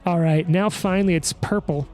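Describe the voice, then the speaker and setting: A man running a tabletop game as game master, calling attacks and damage in a quick, auctioneer-like play-by-play. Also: sits high, a little mellow.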